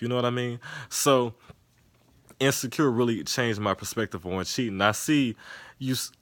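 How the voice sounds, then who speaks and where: A man casually reviewing a TV episode from his couch, retelling scenes in a profane, animated way and acting out the characters' lines. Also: on the low side, dry recording. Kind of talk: casual recap and commentary. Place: sitting on a couch indoors.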